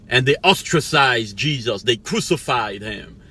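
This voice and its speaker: A man's voice: a little high, animated, unhurried, pushed and bright, a little hiss or hum. A middle-aged man giving a rambling motivational monologue as a life coach, preachy, laughing to himself now and then. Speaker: life coach, channel host.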